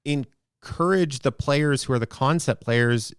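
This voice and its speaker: A man's voice: mid-range voice, a little slow, clear, resonant tone, no echo. A man co-hosting a podcast as game master, talking in a rambling, thoughtful way into a close mic. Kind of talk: casual podcast discussion.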